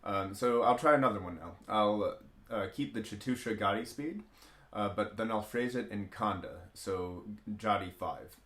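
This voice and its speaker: Male music teacher, bright edge, patient step-by-step explainer, lots of "uh". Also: on the low side, normal speed. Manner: explains step by step with frequent "uh" fillers; chants rhythm syllables in steady counted patterns. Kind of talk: spoken music lesson with rhythm syllables. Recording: roomy echo.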